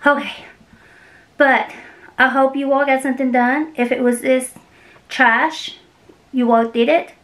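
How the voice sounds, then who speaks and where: A woman's voice: high-pitched, steady tone, a little slow, fairly bright tone, low-quality recording. A woman vlogging as she cleans her home entryway, out of breath, talking to viewers in a chatty, rambling way. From Kentucky. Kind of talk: casual cleaning vlog talk.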